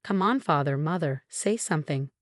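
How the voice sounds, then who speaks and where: Spoiled sister, haughty, shrill, low-ish, dry. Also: female voice, lively intonation, moderate pace, no room sound. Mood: pleading. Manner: shrill, pleading.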